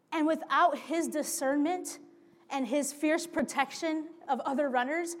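A woman preaching a sermon, weaving a lively personal story and calling out to her listeners as friends. Her voice sits high and bright in pitch. The sound carries a long reverb from a large hall. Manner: animated storytelling, addresses listeners as y'all and friends.

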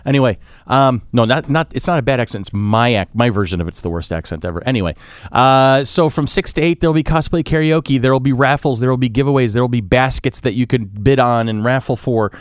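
An upbeat man hosting a casual podcast, rattling off event details with little jokes along the way. His voice is smooth and clear, and the recording is close and dry with no room sound. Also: mid-range voice, fairly quick, no echo. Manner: upbeat, jokey announcer of events. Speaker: podcast host.

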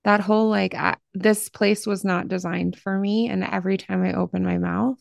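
Effusive American woman host, gravelly. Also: mid-range voice, normal speed, no room sound, studio quality. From Southern Ohio, Appalachia. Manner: effusive and expressive. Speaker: podcast host. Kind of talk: conversational interview.

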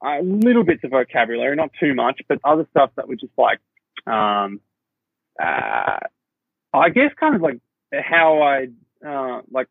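A man's voice: mid-range voice, wildly swooping pitch, unhurried, gravelly, husky, dry recording. A young Australian man chatting as a podcast guest, rambling and restarting his sentences as he tells stories. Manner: rambling, self-interrupting storyteller with fillers. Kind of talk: casual chat. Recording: dull lo-fi sound.

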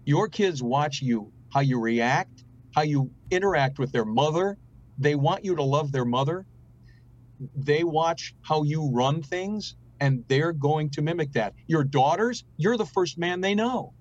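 A husky, slightly high-pitched man in his fifties talks in a casual conversation. He tells family stories in an earnest, preachy tone. The sound is dull and lo-fi. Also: unhurried. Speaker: radio host and guest.

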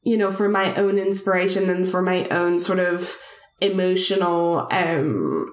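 A woman's voice: on the low side, lively intonation, measured pace. A woman in her thirties with a non-native English accent, co-hosting a podcast in casual chat and rambling with many fillers and restarts. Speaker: podcast co-host. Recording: roomy echo.

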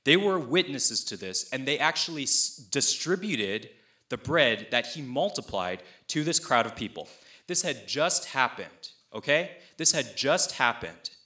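A young pastor delivers his sermon with a bright, forward tone. He talks conversationally and tells stories with energy. He voices the people he quotes with playful asides. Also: medium pitch, big pitch swings, measured pace.

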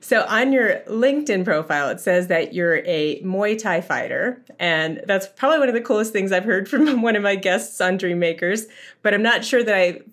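A woman's voice: mid-range voice, lively intonation, normal speed, a bit bright. A woman hosting a podcast interview in a friendly, easygoing way. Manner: friendly, easygoing, laughs often. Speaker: podcast host.

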